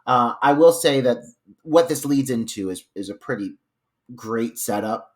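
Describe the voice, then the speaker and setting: A man's voice: medium pitch, expressive, a little slow. A man co-hosting a podcast, chatting about a film with enthusiastic, profane jokes. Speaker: podcast co-host. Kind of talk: casual film discussion.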